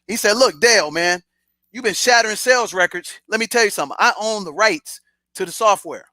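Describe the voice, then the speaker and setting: Animated, bright-voiced man telling a story. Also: high voice, brisk, no room sound. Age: middle-aged. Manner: animated, streetwise, acts out quoted dialogue. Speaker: podcast host telling a personal story. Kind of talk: casual storytelling.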